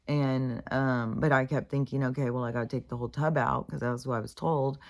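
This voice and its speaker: Low-voiced rambling woman vlogger. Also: fairly even intonation, brisk. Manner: chatty, meandering, full of fillers and asides, swears freely. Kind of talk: rambling casual monologue.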